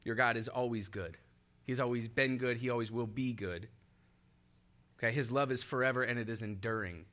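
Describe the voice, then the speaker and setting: A man's voice: mid-range voice, normal speed, fairly bright tone. A young man preaching a sermon in an upbeat way, laughing often and leading the congregation in call-and-response. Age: young adult.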